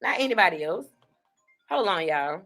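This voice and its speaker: A woman hosting an online talk show, giving blunt, profane commentary on online drama in a casual, fast-talking way. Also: fairly low pitch, big pitch swings, fairly bright tone, soft background music. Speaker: online radio host.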